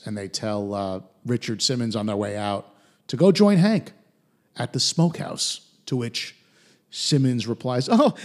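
Male podcast host, gravelly and husky, lively recap delivery. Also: mid-range voice. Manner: animated retelling with put-on quote voices. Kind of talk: episode recap.

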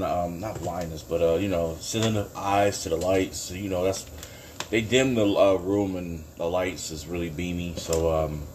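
A man's voice: deep voice, slight background noise. A man hosting a casual solo podcast from his kitchen, rambling and swearing, breaking into bursts of laughing outrage. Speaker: podcast host. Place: home kitchen.

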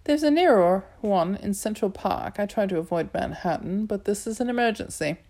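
A woman's voice: mid-range voice, expressive, mellow. A woman reading an audiobook, voicing a playful, confident feline goddess who purrs and teases. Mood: brisk amused. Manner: purring, amused, brisk. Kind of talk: audiobook character voice.

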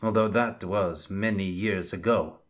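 A man's voice: low voice, steady tone, measured pace. A man voicing a sardonic fur-clad scout with a put-on Bretonnian, French-like accent. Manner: sardonic, wry.

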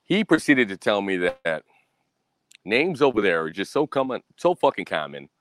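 A man's voice: fairly low pitch, sing-song, normal speed, fairly bright tone. Blunt, cursing American man ranting. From United States. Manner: keeps asking "right?". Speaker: storyteller. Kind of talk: casual profane monologue.

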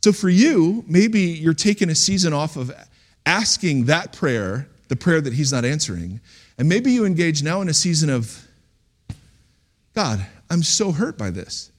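A man delivering a sermon in a church, his voice sitting a little higher than most men's. His pitch swings widely as he preaches, talking conversationally and then breaking into sudden loud outbursts. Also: very animated, moderate pace. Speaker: pastor.

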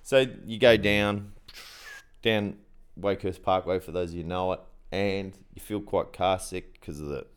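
A middle-aged Australian man co-hosting a podcast tells a story in casual chat, laughing and acting out quotes. His voice is low, smooth and steady, at a normal speed.

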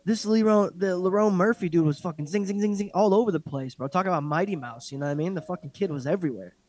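Male podcast co-host, loud profane rants, slightly high voice. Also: fast talker. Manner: blunt, profane, animated ranting. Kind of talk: casual fight recap chat.

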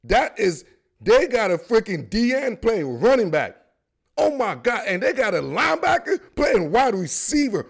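A young man with a high, light voice hosts a sports podcast. He riffs on football in loose, slangy, animated chatter that keeps building with excitement. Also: moderate pace, creaky. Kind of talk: casual sports commentary.

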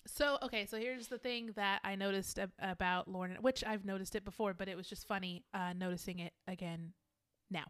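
A woman co-hosting a casual chat, telling an animated story and swearing freely. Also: medium pitch, a little fast, hardly any pauses, clear, resonant tone. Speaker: podcast co-host.

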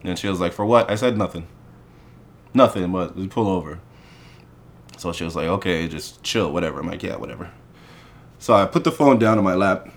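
A man casually telling an animated story in conversation, acting out the people he quotes. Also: deep voice, fairly quick, pauses often. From Canada.

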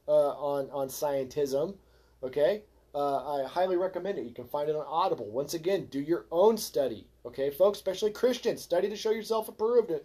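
A man hosting a podcast, ranting in a fervent, preachy way, calling his listeners folks and swinging from low mutters to loud exhortation. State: frustrated. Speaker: podcast host. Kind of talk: ranting religious podcast monologue.

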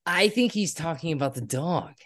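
A man co-hosting a podcast, talking casually and excitedly about a movie, given to swearing and rants. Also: on the high side. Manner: animated, profane, quick to rant. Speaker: podcast co-host. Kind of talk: casual movie review chat.

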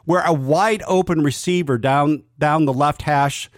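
Father co-host, male, slightly high voice, dry close sound, calm and agreeable. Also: no room sound. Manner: measured, agreeable, hesitant restarts. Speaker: podcast co-host, father of the other host. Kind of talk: casual sports podcast chat.

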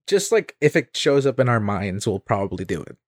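A man's voice: fairly low pitch, big pitch swings, brisk, no room sound, studio quality. A young man from Canada co-hosting a casual comedy podcast, joking and rambling with lots of fillers and repeats. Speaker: podcast co-host.

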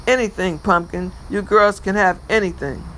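A gruff, strict father barks blunt orders, cursing freely, as a man reading a story aloud gives him voice. The tone is bright and clear, and it sits fairly high for a man. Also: moderate pace, slight background noise. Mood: dry.

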